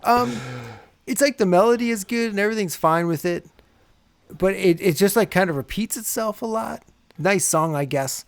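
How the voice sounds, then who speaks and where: A man's voice: high voice, normal speed, clean tone, no echo. A man co-hosting a podcast, chatting casually about songs in an easygoing way and laughing readily. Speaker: podcast co-host. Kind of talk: casual music chat.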